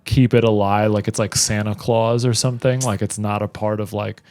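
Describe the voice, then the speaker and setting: A man co-hosting a podcast in casual chat, asking musing questions and chiming in with quick jokes. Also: lowish voice, level tone, darkish tone. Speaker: podcast co-host.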